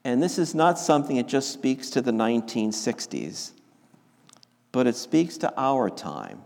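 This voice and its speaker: A man delivering a sermon at an unhurried, measured pace, stressing key words and circling back over his phrases. His voice is of middling pitch and rings out with the long reverb of a big hall. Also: big pitch swings, gravelly, a little mellow. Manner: slow, deliberate and emphatic, with frequent restarts. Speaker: preacher.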